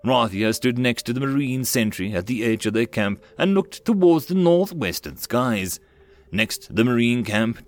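A man narrating a web novel audiobook in a plain, even reading voice. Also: lowish voice.

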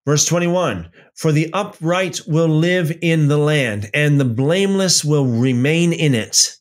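A man leading an evening Bible study, reading scripture aloud and adding conversational comments with frequent restarts. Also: on the high side. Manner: slow, deliberate reading with conversational asides and restarts.

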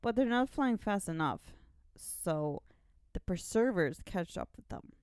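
A woman on a podcast walks through a story at a slow, easy pace, often saying "like". Her voice is clean and smooth, and the close recording is dry. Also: mid-range voice, expressive, a little mellow, no room sound. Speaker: podcast co-host. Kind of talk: casual chat about a comic series.

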